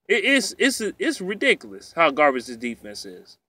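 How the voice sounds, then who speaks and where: A man's voice: a little high, wildly swooping pitch, moderate pace, few pauses, pushed and bright, no room sound. Fired-up man ranting about football. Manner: profane, heated, repetitive rant. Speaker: sports fan ranting. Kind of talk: angry sports rant vlog.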